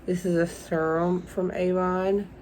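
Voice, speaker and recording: A woman's voice: fairly low pitch, level tone, measured pace, a little mellow, a little hiss or hum, poor audio. A young woman unboxing beauty products in a casual vlog, gushing and emotional and calling her viewers "y'all". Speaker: beauty vlogger.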